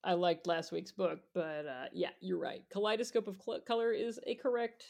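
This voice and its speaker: A man's voice: high voice, normal speed, vocal fry, darkish tone. A man co-hosting a casual podcast chat, talking in a chatty way and laughing often. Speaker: podcast co-host. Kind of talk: casual chat about picture books.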